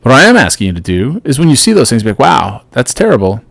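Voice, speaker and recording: A man's voice: medium pitch, big pitch swings, quick pace, vocal fry, dry recording. Earnest man giving a motivational podcast pep talk. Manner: earnest motivational, swings loud and soft. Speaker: podcast host. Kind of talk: solo podcast monologue.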